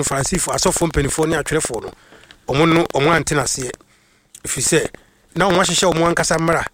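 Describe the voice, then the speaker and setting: A man's voice: mid-range voice, a bit bright, a little hiss or hum. A man preaching a sermon that mixes in English phrases, stressing his points by repeating them, and greeting listeners by name.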